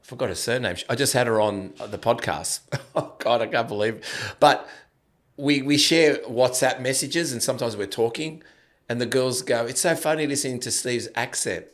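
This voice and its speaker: A man's voice: medium pitch, normal speed, a bit bright. A man in his fifties with an Australian accent, hosting a podcast interview in a loose, rambling way with many restarts. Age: 50s. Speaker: podcast host. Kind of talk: casual interview chat.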